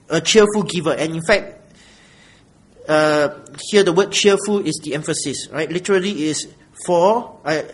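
Husky-voiced preacher. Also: male voice, high-pitched, low-quality recording. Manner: animated, acts out grudging givers in a whiny voice, then drops quiet. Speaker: pastor. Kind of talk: sermon.

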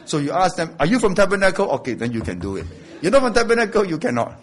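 A man's voice: high-pitched, sing-song, fast talker, a little hiss or hum. A man preaching a sermon. He talks conversationally and rises to emphatic declarations. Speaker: pastor.

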